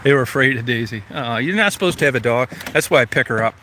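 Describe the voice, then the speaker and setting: A man's voice: medium pitch, expressive, fast, sharp tone. Chatty man coaxing his dog outdoors. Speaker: vlogger. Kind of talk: casual vlog talk to his dog. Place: outdoors at a scenic turnout with car. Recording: noisy outdoor wind and traffic.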